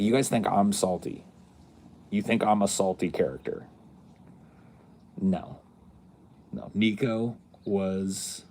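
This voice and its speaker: A man's voice: low-pitched, a little mellow, a little hiss or hum. A man hosting a podcast, telling a casual, rambling story and laughing along as he goes. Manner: rambling, laughing at his own stories. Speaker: podcast host.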